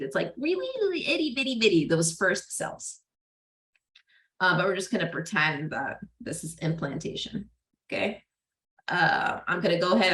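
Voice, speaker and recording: A woman's voice: mid-range voice, bright, forceful tone. A woman giving a casual psychology lecture to a class, chatty, with frequent laughs and fillers. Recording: roomy classroom echo.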